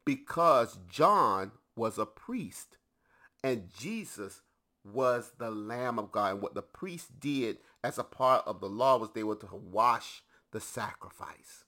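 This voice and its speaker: A man's voice: mid-range voice, animated, slow, pushed and bright. A man preaching a teaching sermon to a congregation, emphatic and often putting questions to his listeners.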